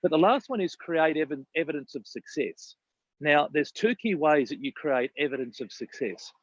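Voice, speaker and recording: A man's voice: on the high side, lively intonation, normal speed, no echo, dull audio. Emphatic man coaching. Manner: emphatic, repeats words and says "right?". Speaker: business coach. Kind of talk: casual podcast chat.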